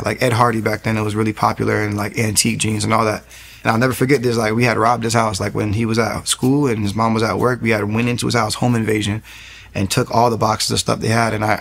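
Speaking as an interview guest, this young man gives an earnest testimony, narrating his story and performing the lines others spoke to him. His voice sits on the low side, fairly bright in tone, with vocal fry.

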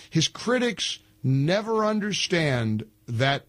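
A man's voice: fairly high pitch, measured pace, fairly bright tone. A man hosting talk radio, chatting casually and setting up audio clips. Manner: chatty, conversational, sets up clips.

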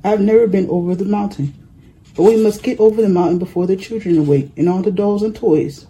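A reader voicing a kind little blue engine speaking gently in a storybook read-aloud, with a husky voice. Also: medium pitch, a little fast, lightly acted, rough recording. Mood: earnest. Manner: gentle, kindly.

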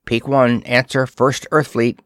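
A man's voice: mid-range voice, level tone, a little slow, no room sound, studio quality, lightly acted. A man voicing a shaken signal chief who answers orders and calls over the radio. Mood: dutiful. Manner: shaky, dutiful.

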